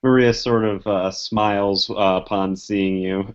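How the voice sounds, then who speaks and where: A man's voice: lowish voice, fairly even intonation, clear, resonant tone. Hesitant man narrating his tabletop character. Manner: hesitant, halting. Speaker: player. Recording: muffled lo-fi recording.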